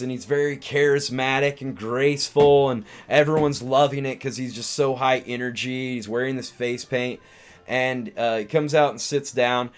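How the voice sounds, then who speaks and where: Rambling man recapping a film. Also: mid-range voice. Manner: rambling, many restarts and "like" fillers. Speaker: live-stream host, comedian.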